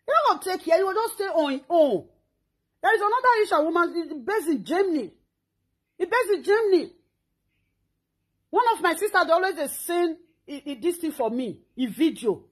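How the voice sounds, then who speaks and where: A woman's voice: extremely high pitch, sing-song, moderate pace. A Nigerian woman hosting her own talk show, delivering a scolding, insulting rant. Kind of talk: social media rant.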